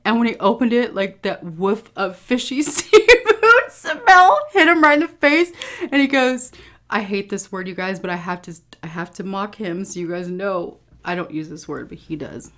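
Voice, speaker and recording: A woman's voice: mid-range voice, big pitch swings, normal speed, fairly bright tone. A tired woman talking candidly to her viewers in a casual home food vlog, swearing freely and often saying "you guys". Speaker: food vlogger.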